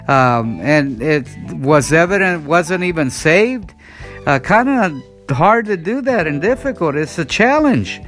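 A man with a fairly high voice preaches a sermon, retelling a testimony in an earnest way and often restarting with "and, uh". Soft guitar music plays faintly under his voice. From United States. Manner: earnest storytelling, many "and, uh" restarts.

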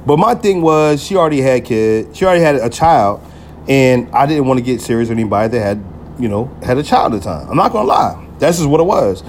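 A man's voice: medium pitch, lively intonation, fast talker, slight background noise. A man hosting a podcast, telling a personal story in a loose, profane way, full of slang and fillers like "you feel me". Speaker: podcast host. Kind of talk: casual storytelling monologue.

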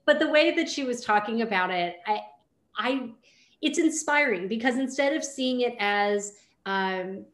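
A woman co-hosting a podcast interview, speaking effusively and full of praise. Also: medium pitch. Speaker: podcast co-host. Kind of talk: casual interview chat. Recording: roomy echo.

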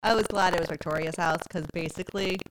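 A woman casually telling an animated parenting story, quoting her children and laughing often. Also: fairly low pitch, quick pace. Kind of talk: casual chat.

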